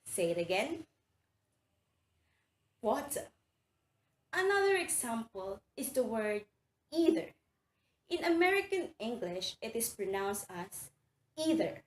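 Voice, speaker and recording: A woman's voice: fairly high pitch, big pitch swings, a little slow. A woman teaching a recorded reading lesson, carefully saying words aloud for students to repeat. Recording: roomy echo, faint background noise.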